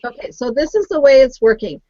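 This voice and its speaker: A woman hosting a webinar, calmly working through technical trouble in casual chat. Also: high voice, brisk, no room sound. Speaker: webinar host handling the tech. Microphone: computer mic on a video call. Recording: dull, dry computer audio.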